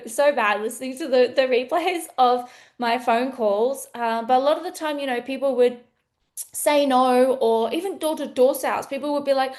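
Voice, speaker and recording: A woman sales coach teaching in a casual, blunt, playful way, acting out bits of sales calls. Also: fairly high pitch. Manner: animated, blunt, playful, acts out sales dialogue.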